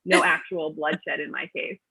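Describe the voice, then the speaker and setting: A woman's voice: deep voice, fairly even intonation, unhurried, creaky, pushed and bright, a little hiss or hum. A woman, a guest author, tells chatty, rambling stories full of ums and restarts over a video call. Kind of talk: casual storytelling answers. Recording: tinny phone-like line.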